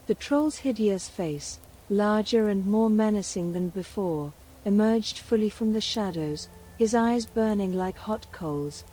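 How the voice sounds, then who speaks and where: A woman telling a folktale in a soft, hushed, soothing whisper as a bedtime storyteller. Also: medium pitch, a little slow, hardly any pauses, slight background noise, poor audio.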